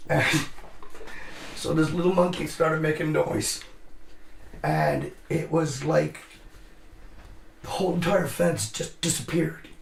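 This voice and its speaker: A man with a raised, gravelly voice tells a profane war story in casual chat. He swears freely and acts out the people he quotes. He sounds like he's in a roomy, echoing space. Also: on the high side, slow pace, long pauses, slight background noise. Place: live show room.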